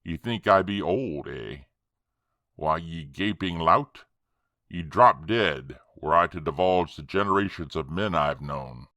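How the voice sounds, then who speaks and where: A man's voice: deep voice, animated, measured pace, bright, forceful tone, no room sound, clean studio sound, heavily acted. A man voicing an ancient, arrogant sorcerer who speaks in archaic, scornful words.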